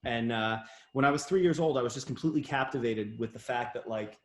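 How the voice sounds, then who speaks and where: A man's voice: mid-range voice, fairly quick. A man from New York State, a guest business owner, talking in a playful, teasing way with stumbling restarts. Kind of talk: casual interview. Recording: echoey room.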